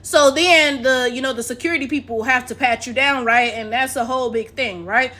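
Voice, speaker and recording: High bright American woman vlogger. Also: a little fast. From United States. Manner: animated, keeps asking "right?" to the viewers. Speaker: commentary vlogger. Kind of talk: casual commentary monologue. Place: at home at her laptop.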